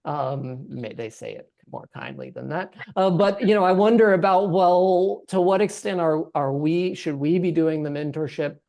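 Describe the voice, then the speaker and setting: A man's voice: on the high side, expressive, moderate pace, vocal fry, few pauses, darkish tone. A man moderating an academic panel, talking conversationally with frequent restarts and "right?".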